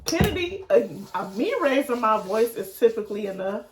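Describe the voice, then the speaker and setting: A woman's voice: a little high, very animated, fairly quick, noisy background. A woman co-hosting a podcast with a Detroit accent, speaking bluntly and emphatically with lots of profanity. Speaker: podcast co-host. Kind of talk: casual chat. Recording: echoey room.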